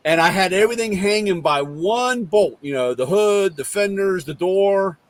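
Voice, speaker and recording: A man's voice: high-pitched, moderate pace. A middle-aged man hosting a casual talk, rambling through a garage story and acting out both sides of the conversation. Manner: rambling, animated retelling with quoted dialogue. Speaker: host.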